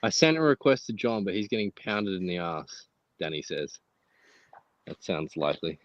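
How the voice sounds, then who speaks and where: A man's voice: sits low, very animated, moderate pace, dry recording, highs cut off. A man in casual, crude banter with friends while gaming, joking and swearing. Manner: joking, swearing, laughs often.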